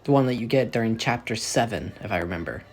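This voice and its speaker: A man's voice: on the low side, fast, husky. A man casually narrating a fan story, rambling and correcting himself as he goes. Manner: rambling, self-correcting, animated.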